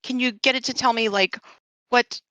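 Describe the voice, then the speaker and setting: A woman's voice: on the high side, fairly even intonation, normal speed, sharp tone, no echo. A woman player in a tabletop game, eagerly firing off questions.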